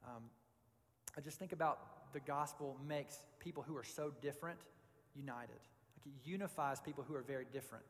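A male pastor preaches in a relaxed, halting style, restarting phrases and filling pauses as he goes. His mid-pitched voice carries a long reverb from the hall. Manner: informal, halting, with fillers. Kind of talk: sermon.

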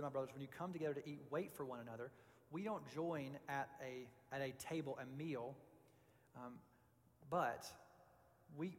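A man, a pastor, giving an informal sermon in a halting way with many fillers and restarts. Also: mid-range voice, long reverb tail.

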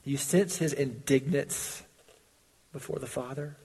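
Male pastor, sermon, husky voice, earnest preaching, swells and drops in volume, church sanctuary, long hall reverb. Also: fairly even intonation, measured pace. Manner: earnest preaching, swells loud on pleas and drops low on warnings.

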